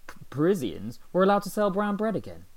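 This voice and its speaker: A man's voice: high voice, very animated, quick pace, no room sound. A man co-hosting a casual podcast, joking and laughing often as he reads out quiz options. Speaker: co-host.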